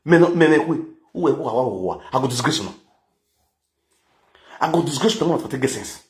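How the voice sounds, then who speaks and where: A man's voice: mid-range voice, expressive, moderate pace. A man with a Nigerian accent giving an angry, scolding rant as a vlogger. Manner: scolding, insulting, heated rant. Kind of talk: angry ranting commentary. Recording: echoey room, faint background noise.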